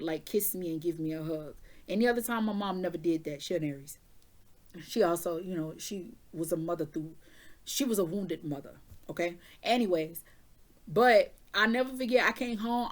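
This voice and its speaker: Candid, emotional woman storyteller. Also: medium pitch. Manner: emotional, candid, swears freely. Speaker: tarot reader. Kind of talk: casual storytelling to viewers.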